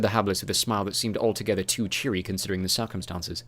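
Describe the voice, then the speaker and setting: A man narrating a fantasy audiobook in a steady, measured way. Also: on the low side.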